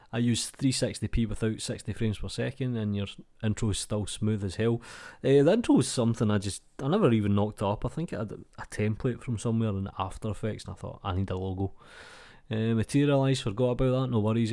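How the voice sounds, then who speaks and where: A British man with a warm, mellow, rather dark voice talks through viewer comments on his channel. He is casual and chatty, swears freely and calls everyone mate, reading each comment and answering it on the spot. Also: on the low side. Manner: laid-back and chatty, swears often, calls people mate. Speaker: YouTube channel host.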